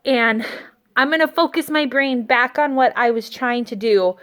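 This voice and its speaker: A woman teaching kindergartners by video from an empty classroom, speaking gently, slowly and encouragingly into a phone set down in front of her. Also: fairly high pitch. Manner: gentle, slow and encouraging, talks to small children. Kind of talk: remote lesson to young children.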